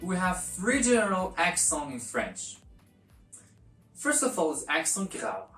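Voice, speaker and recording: A woman with a low voice gives a patient lesson, repeating each example. She speaks at an unhurried pace. The recording sounds roomy and echoey, with the mic set some way from her. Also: big pitch swings, fairly bright tone, faint music behind. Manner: explains slowly with repeated examples and fillers. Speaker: French teacher. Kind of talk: language lesson. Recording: echoey room, distant mic.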